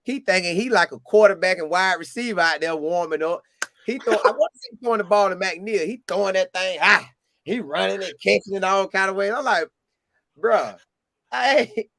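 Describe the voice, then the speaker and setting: A man's voice: moderate pace, creaky, no room sound, studio quality. A man from Florida with a Southern accent, animatedly telling a casual story and acting out what people said. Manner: animated, acts out quotes in a higher voice. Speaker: storyteller recounting a game visit.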